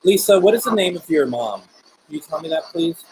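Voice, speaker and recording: A man hosting a live spirit box stream, talking gently with viewers and politely calling on spirits. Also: fairly high pitch, animated, brisk, a little hiss or hum, low-quality recording.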